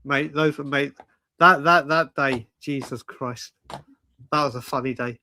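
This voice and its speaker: A man's voice: mid-range voice, fairly even intonation, unhurried, pushed and bright, slight background noise. A man, telling stories animatedly on a casual live stream, swearing and saying "mate" constantly. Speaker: co-host.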